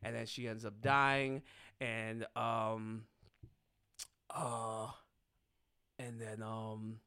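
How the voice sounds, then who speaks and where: A young man co-hosting a podcast, talking casually about a film, swearing a lot and often bursting into loud laughter. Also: lowish voice, level tone, very slow, clean tone, no echo, studio quality. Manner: profane, breaks into loud laughter. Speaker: podcast co-host reviewing a film. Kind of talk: casual chat.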